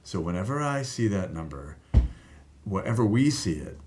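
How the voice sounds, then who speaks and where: A man telling a personal story in casual talk, animated, laughing at times and swearing freely. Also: lowish voice, normal speed. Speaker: guest telling a life story.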